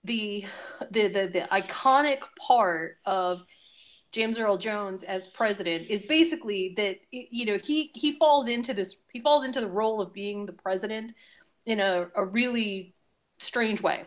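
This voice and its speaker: A woman's voice: medium pitch, a little slow. A woman on a podcast panel, chatting casually and enthusiastically with some fillers.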